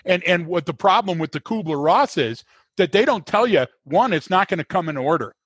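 Man on a podcast, lecturing and emphatic, rhetorical questions, fairly high voice, a little husky. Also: lively intonation, brisk, fairly bright tone, no room sound. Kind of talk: conversational explaining.

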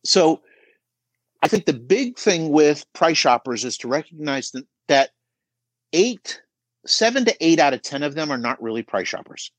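Middle-aged male coach, animated and emphatic, mid-high voice, dry close sound. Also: moderate pace, no echo. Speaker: auto shop business coach guest. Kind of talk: podcast conversation.

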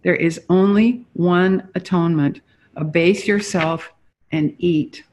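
A reader voicing a veiled woman who is the soul of a murdered child, speaking in a slow, measured, commanding way. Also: medium pitch, fairly even intonation, a little mellow, lightly acted. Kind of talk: reading dialogue aloud from a book.

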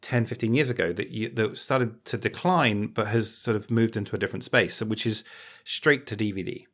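A man's voice: fairly low pitch, moderate pace, a bit bright. A man co-hosting a podcast in casual chat, explaining points thoughtfully and hedging his claims. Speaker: podcast co-host.

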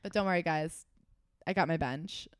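A young woman co-hosting a podcast, telling an animated story with swearing and acted-out dialogue. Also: low voice, moderate pace, clear, resonant tone, no room sound, clean studio sound. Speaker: podcast co-host. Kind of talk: casual chat.

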